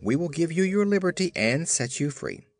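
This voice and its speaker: A man's voice: a little high, very animated, moderate pace, soft background music, voice pushed up. A man voicing Dorothy, a kind little girl in a storybook, in a reassuring manner.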